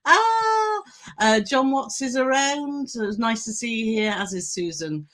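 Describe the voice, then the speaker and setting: A woman's voice: fairly high pitch, moderate pace. A woman co-hosting a travel live stream, chatting casually and greeting viewers by name as she reads their comments.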